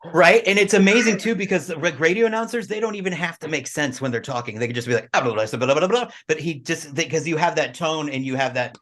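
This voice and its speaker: A man co-hosting a podcast in casual chat, animated and teasing. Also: on the high side. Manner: animated and teasing, quick bursts. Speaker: podcast co-host.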